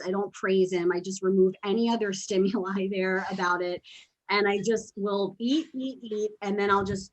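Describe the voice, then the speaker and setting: A woman hosts a casual podcast in a chatty, animated voice of middle pitch. She tells stories and slips in quick asides. Her delivery sounds easy and conversational. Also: rough recording. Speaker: podcast host and dog trainer.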